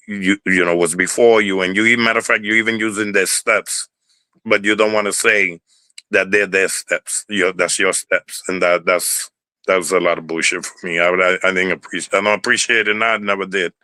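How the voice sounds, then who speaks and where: A man's voice: fairly low pitch, bright, forceful tone, smooth, no echo, low-quality recording. An older man with a New York Puerto Rican accent, telling stories in a rambling interview, repeating words and swearing freely. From Bronx, New York. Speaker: interview guest, former dancer. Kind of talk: casual storytelling interview.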